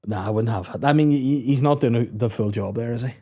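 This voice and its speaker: Male podcast guest, casual banter, swears, laughs a lot, mid pitch. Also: a little fast, mellow. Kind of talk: casual comedic chat.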